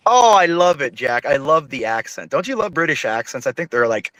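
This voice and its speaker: A man's voice: fairly high pitch, big pitch swings, brisk, a bit bright, no echo, poor audio. Eager, rambling man in a dry, close recording. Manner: rambling, eager, keeps addressing the host by name. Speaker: livestream guest. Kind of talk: casual chat.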